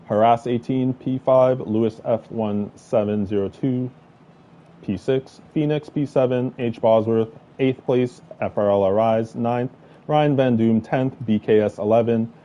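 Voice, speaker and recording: A man co-commentating an online sim race, mostly giving short replies and reading out the grid order in a steady run. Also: mid-range voice, measured pace, highs cut off. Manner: brief acknowledgements, reads grid results in a steady list.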